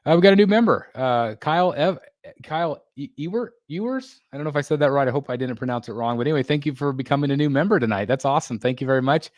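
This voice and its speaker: A man's voice: mid-range voice, no echo. A man hosting a casual livestream, reading out viewer comments with lots of fillers, restarts and small laughs. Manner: halting, many fillers and restarts, laughs often. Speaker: livestream host. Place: home room being built.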